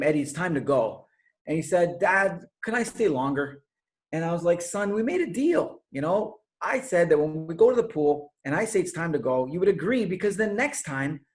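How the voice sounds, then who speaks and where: A man with a somewhat high voice gives a motivational talk over a video call. He tells stories in a conversational way and pauses for fillers as he searches for words. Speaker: speaker.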